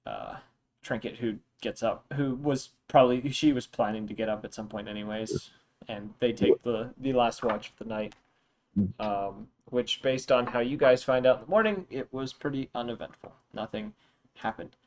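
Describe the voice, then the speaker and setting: A young man running a tabletop game as dungeon master, narrating in a relaxed, meandering way with fillers. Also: medium pitch, moderate pace, a little hiss or hum.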